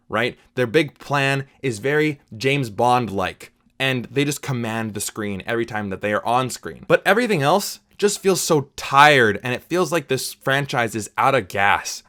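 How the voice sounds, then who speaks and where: This is a man talking through a film review in a relaxed, conversational way. He sounds opinionated and chatty, often breaking off with asides to the viewer. His voice sits at an ordinary middle pitch. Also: unhurried, hardly any pauses. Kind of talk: casual spoken film review.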